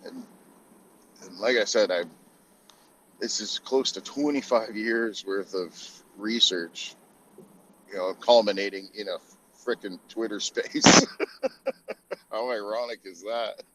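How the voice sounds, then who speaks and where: A man's voice: on the low side, slow pace, long pauses, a bit bright, a little hiss or hum, poor audio. A man in a casual online audio chat, rambling and chuckling as he pieces his thoughts together. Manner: rambling, chuckling, self-correcting.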